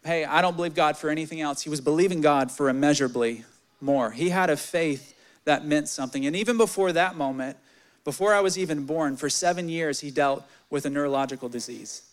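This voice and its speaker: A young male preacher with a fairly high voice, delivering a sermon in a candid, storytelling way. He gets louder and more animated as his stories build, then drops low and quiet when he reads scripture. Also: fairly quick.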